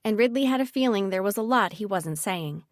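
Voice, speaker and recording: A woman narrating a young-adult fantasy audiobook in a measured, even storytelling manner. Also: medium pitch, no echo, clean studio sound. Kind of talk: scripted narration.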